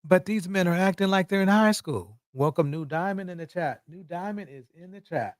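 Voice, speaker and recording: A man's voice: high-pitched, moderate pace, no echo, studio quality. A man hosting livestream commentary, emphatic and repeating words for effect. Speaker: commentary host.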